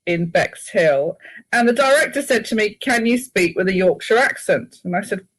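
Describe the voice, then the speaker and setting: A woman guest chatting in an interview, telling lively stories and laughing often. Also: medium pitch, normal speed, low-quality recording.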